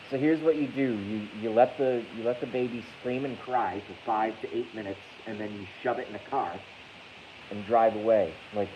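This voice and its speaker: A man's voice: mid-range voice, moderate pace, pauses often. A man rambling casually on a livestream, joking crudely, mocking himself and reading out chat comments. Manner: crude, joking, self-deprecating, reads chat aloud. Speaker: livestream host. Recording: dull lo-fi stream audio with faint hiss.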